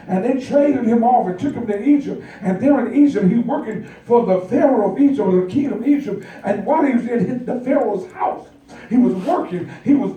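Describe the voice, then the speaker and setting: A male pastor preaching a lively storytelling sermon, calling out to his congregation. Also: sits high. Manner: animated storytelling, calls out to the congregation. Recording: echoey church hall, mic far off.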